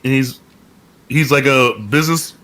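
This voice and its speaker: A man's voice: mid-range voice, steady tone, moderate pace, a bit bright. A man co-hosting a podcast in casual chat, joking around in a goofy manner. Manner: jokey, goofy. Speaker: podcast co-host and band member.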